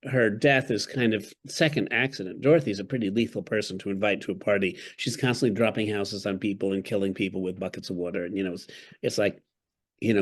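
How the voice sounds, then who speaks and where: A man's voice: fairly low pitch, steady tone, fast talker. A man who is an author and a podcast guest, telling stories in an articulate, wry way during an interview. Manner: articulate, wry, storytelling, with chuckles.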